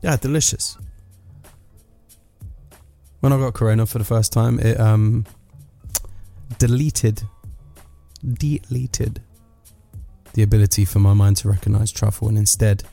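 Guy in his 30s doing a sardonic rambling rant, lowish voice, bit of fry, faint music under it. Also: fairly even intonation, normal speed, pauses often, warm tone. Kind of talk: comic monologue.

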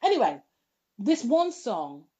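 Sassy outspoken woman, fairly high. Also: very animated, slow pace, mellow. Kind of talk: casual chat.

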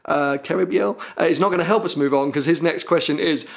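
A man's voice: a little high, fast talker, vocal fry. A young British man with a British accent hosting a podcast, chatting casually and rambling a little with plenty of ums and uhs. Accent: British English. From Britain. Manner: rambling, self-deprecating, lots of ums and uhs. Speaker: podcast host.

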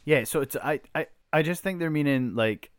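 A man's voice: on the high side, normal speed, no room sound, clean studio sound. A man co-hosting a casual podcast chat. He often hesitates and restarts his sentences. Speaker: podcast co-host.

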